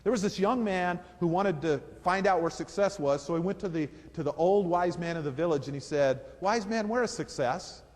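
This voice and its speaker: Male motivational speaker with a high voice, storytelling and emphatic, in a reverberant hall. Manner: animated, repeats phrases for emphasis.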